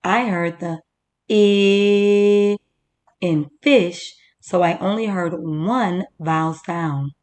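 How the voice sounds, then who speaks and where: Slow, careful woman teaching young children. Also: on the low side, a little mellow. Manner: slow, clearly sounding out words for children. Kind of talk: teaching a first-grade reading lesson.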